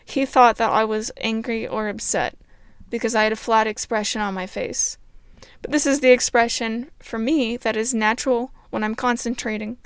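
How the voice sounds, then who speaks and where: A woman speaking in a naturally flat, even tone, earnest and explanatory in a casual solo monologue. Her voice sits a little high and sounds smooth and clear, recorded close in a dry space. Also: no room sound. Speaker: podcaster.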